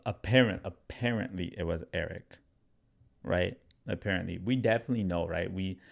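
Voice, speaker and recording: Gravelly low-voiced man chatting to viewers. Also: normal speed. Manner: loose and chatty, full of "like" and "right?"; talks straight to viewers, reads comments aloud. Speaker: crypto educator and livestream host. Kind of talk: casual livestream talk to chat.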